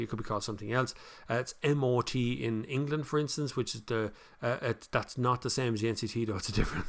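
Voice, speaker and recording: Older Kildare Irish man hosting a live stream, blunt and animated when giving advice. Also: mid-range voice, vocal fry. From Ireland. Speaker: host reading viewer comments. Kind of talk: casual live-stream chat.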